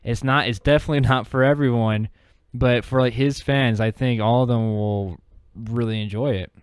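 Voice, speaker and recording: A man with a medium-pitched, clean-toned voice talks at a normal speed with a steady tone as a podcast co-host. His casual chat wanders, with frequent fillers and restarts, in a dry, studio-quality recording.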